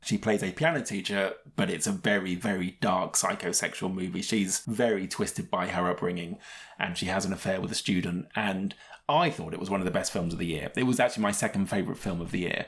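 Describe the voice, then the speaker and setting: A man's voice: sits low, steady tone, brisk, fairly bright tone. A man co-hosting a film podcast in a casual, rambling, digressive way, often chuckling between points. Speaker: podcast co-host and film reviewer.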